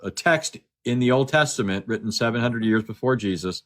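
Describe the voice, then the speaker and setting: On a phone video call, a guest speaker with a mid-range, fairly bright voice tells a story in a live discussion. He's expressive and a little fast, chatty and repetitive with his words, and he acts out the other person's quoted lines.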